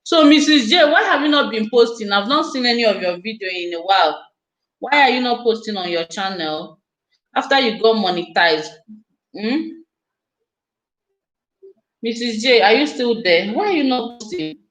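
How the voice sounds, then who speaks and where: A woman's voice: on the high side, animated, moderate pace, long pauses, a bit bright, roomy sound, poor audio. A woman hosting a casual live stream, chatting effusively and speaking straight to her viewers.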